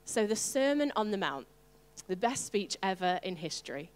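A woman preaching a sermon to her congregation, animated and playful, with asides to the listeners. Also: medium pitch, normal speed, clear, resonant tone, big-room sound. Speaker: pastor.

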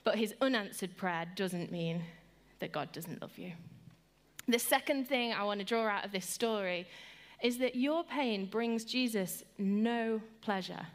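A woman giving an earnest sermon, repeating phrases and slowing down to stress them, lively when she tells stories. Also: medium pitch. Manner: earnest and repetitive, slowing for emphasis; animated when telling stories. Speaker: speaker giving a devotional talk.

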